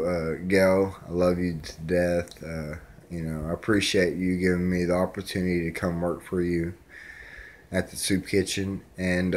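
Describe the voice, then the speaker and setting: A man's voice: sits low, darkish tone. A man speaking in a casual, rambling vlog message, sincere and full of fillers. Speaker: vlogger.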